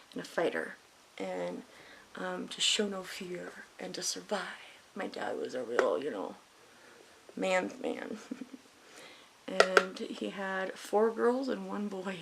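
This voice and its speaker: A woman's voice: medium pitch, creaky, poor audio. A middle-aged woman vlogging casually while doing her makeup, candid and emotional, swearing freely and rambling. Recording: faint hiss.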